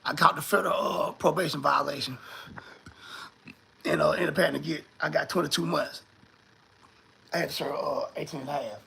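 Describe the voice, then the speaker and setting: A man, telling a story in a casual, animated and profane way and acting out the other people in it. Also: a little high, brisk, vocal fry, long pauses, breathy edge.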